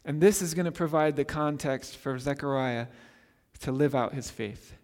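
A man preaching a sermon as pastor, telling the story in a lively way and acting out the people he quotes. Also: fairly high pitch, moderate pace. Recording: long hall reverb.

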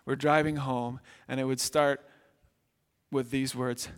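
A man's voice: mid-range voice, flat delivery, slow pace, smooth, in a large hall. A middle-aged man preaching a sermon, talking in a conversational way and acting out small scenes now and then. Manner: conversational preaching with acted asides. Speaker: pastor.

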